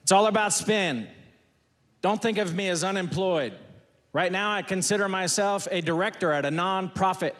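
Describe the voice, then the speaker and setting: A man's voice: high-pitched, moderate pace, a bit bright, long reverb tail. A man performing a stand-up routine, firing off folksy one-liners on stage before a laughing audience. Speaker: stand-up comedian.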